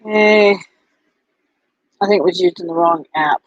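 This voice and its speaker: Woman vlogger, casual and halting, lots of ums; dry, muffled recording. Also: fairly low pitch, no echo. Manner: halting, full of ums and restarts. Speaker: vlogger and bracelet seller. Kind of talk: casual chat to camera. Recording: dull lo-fi, dry sound.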